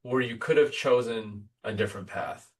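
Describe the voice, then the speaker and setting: A man hosting an interview, with short encouraging interjections and quick asides. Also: mid-range voice. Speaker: podcast host.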